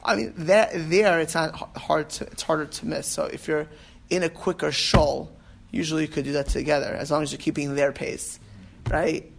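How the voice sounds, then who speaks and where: Guy teaching a class, kinda high for a man, rambles, keeps restarting, gets emphatic. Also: fairly even intonation, normal speed, gravelly, husky. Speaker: rabbi teaching about prayer. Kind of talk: informal class talk.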